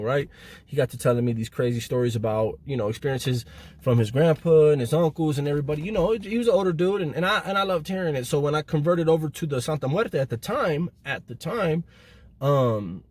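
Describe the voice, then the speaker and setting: A middle-aged man from Southern California casually telling stories to camera in loose street slang, getting animated as he reenacts moments. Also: medium pitch. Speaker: channel host telling prison stories.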